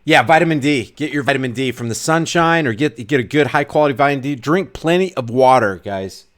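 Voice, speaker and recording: A middle-aged vlogger rants in a commentary video, fiery and preachy, driving his points home by repeating them emphatically. His mid-range voice is a bit bright, with lively intonation and a brisk pace.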